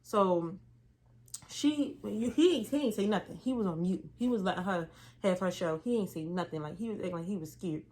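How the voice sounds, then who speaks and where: Young woman vlogger, animated storytime delivery, talks right to the camera. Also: lowish voice, fairly quick. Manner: animated, slangy, talks straight to viewers. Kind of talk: casual storytime.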